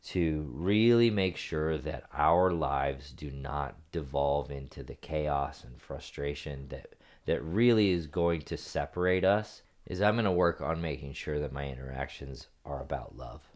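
Very deep-voiced earnest dad. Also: male voice. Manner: earnest, searching, trails off and restarts. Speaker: father of eight. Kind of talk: reflective personal talk.

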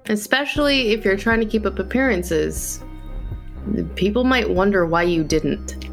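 A woman player in a tabletop game, briskly describing what her character does. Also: mid-range voice, faint music behind. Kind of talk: casual tabletop play.

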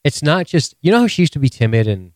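A man's voice: on the high side, big pitch swings, fast talker, a little mellow, dry recording, clean studio sound. A man co-hosting a podcast, recapping a TV episode in casual chat, swearing freely and laughing often. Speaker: podcast co-host.

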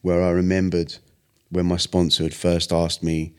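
A young man, a podcast guest, earnestly retelling a personal story in casual interview talk with lively acted-out quotes. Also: sits low, moderate pace, clear, resonant tone.

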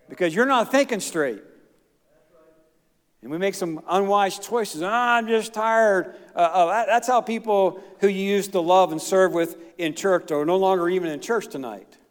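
Middle-aged male pastor, folksy sermon, slightly high voice, long church reverb. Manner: folksy, plain-spoken preaching with asides and chuckles.

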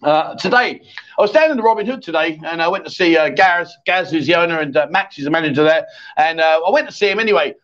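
A man with a notably high voice hosts a loose live chat show, reading viewer messages and teasing his co-host. His banter is cheeky and full of laughter. The stream audio sounds dull and lo-fi. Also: quick pace, fairly bright tone.

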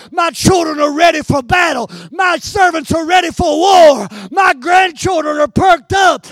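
A stubborn old warrior-patriarch, put on by an older man preaching speaks in a high, dry voice. He moves from hushed resolve to roaring fervor. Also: no echo. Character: aged male warrior-patriarch, stubborn and defiant.

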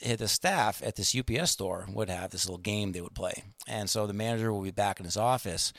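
A man's voice: lowish voice, brisk, a bit bright, no echo. A man telling a long anecdote in casual chat, rambling with many fillers and restarts and acting out the people he quotes.

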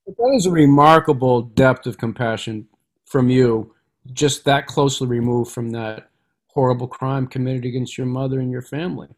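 A man speaking as an author guest in a casual interview, thoughtful and halting, with frequent restarts. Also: medium pitch.

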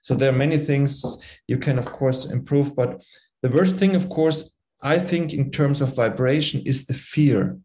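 A middle-aged man speaking English with a German accent, his German being his first language. His tone is mellow and warm, and he talks in an earnest, explanatory way. He pauses now and then to find the right word. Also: mid-range voice. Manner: earnest, explanatory, searching for words. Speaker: podcast guest. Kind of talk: conversational interview.

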